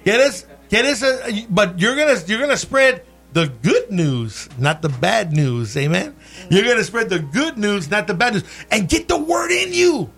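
A man's voice: high-pitched, sing-song, unhurried, a bit bright, husky, soft background music. A man preaching a sermon, switching between English and Spanish, calling listeners brother and asking for amens. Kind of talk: bilingual sermon.

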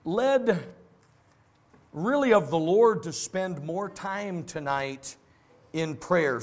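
A man leads a midweek Bible study as pastor, mixing scripture with a story from his teaching days. His fairly high voice swings widely in pitch as he talks in a lively, conversational way.

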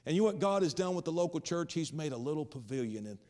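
A man's voice: fairly high pitch, lively intonation, fast talker, darkish tone. A man preaching a sermon, retelling a story with rising intensity. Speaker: pastor.

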